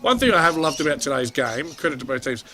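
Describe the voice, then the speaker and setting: A man's voice: a little high, fast. Chatty Australian man calling a local footy match. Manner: chatty, jokey, excitable on goals. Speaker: play-by-play commentator. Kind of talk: amateur sports commentary.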